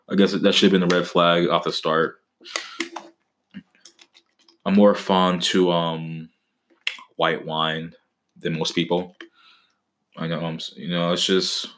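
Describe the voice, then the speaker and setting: Deep-voiced young man joking profanely. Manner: profane, joking, with mock-dramatic outbursts. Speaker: podcast host. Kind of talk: casual comedic monologue.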